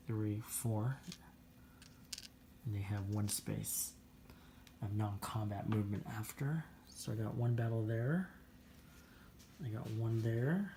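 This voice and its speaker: A man talks through his board game turn at an even, mid-range pitch, counting out each move aloud in a steady, methodical way. Faint room ambience sits behind his voice. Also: a little hiss or hum. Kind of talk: casual tabletop game commentary.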